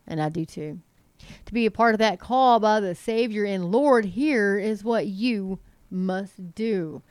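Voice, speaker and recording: Speaking at a measured pace with a medium, somewhat mellow pitch, a middle-aged woman hosts an online commentary show while congested from a sinus cold. Fervently preachy, she reads out news and poses rhetorical questions to viewers, with no room sound.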